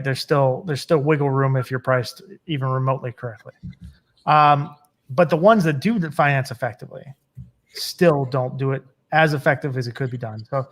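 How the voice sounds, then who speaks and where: A man's voice: mid-range voice, fairly bright tone. A man being interviewed as a business consultant. He talks emphatically in a casual style, tells stories that build to a point, and keeps checking in with "right?". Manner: storytelling, builds up to punchlines.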